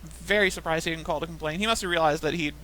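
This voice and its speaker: A young woman chats casually while gaming, drifting from anecdote to anecdote and laughing often. Her voice is bright and forward. She talks loosely, with restarts and asides. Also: deep voice, quick pace, a little hiss or hum, poor audio. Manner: rambling storytelling, frequent laughs. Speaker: gaming podcaster. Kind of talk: casual chat while playing a game.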